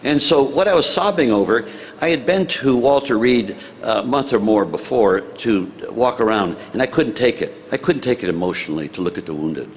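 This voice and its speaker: Older American man telling an animated story. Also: mid-range voice, moderate pace, a little hiss or hum. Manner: animated, acts out dialogue, chuckles at own story. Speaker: former senator telling a story. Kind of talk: anecdotal storytelling to an audience.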